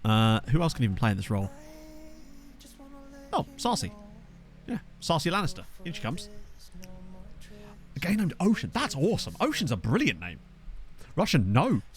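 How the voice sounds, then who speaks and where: A man's voice: fairly high pitch, wildly swooping pitch, moderate pace, long pauses. A young man chatting casually while streaming a game, joking about viewers' names and reading the chat. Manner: jokey, riffing on viewers' names.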